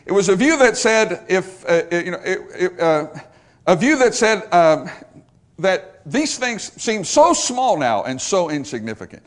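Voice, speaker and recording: Male preacher mid-sermon: high-pitched, hugely animated delivery, repeating phrases and dropping to a hush. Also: a little slow. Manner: emphatic and repetitive, swinging from loud to hushed.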